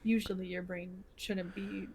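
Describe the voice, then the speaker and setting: A woman's voice: on the low side, level tone, measured pace, darkish tone, slight background noise. A woman co-hosting a podcast in casual chat, rambling with many fillers and restarts. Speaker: podcast co-host.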